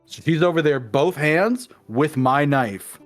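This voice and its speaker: A man's voice: a little high, unhurried, faint music behind. A man talking casually with a friend, retelling his playthrough at length. He drops into the characters' voices for quotes, then slips back into plain narration. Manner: animated storyteller acting out quotes. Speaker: guest in a game discussion. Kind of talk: casual conversation.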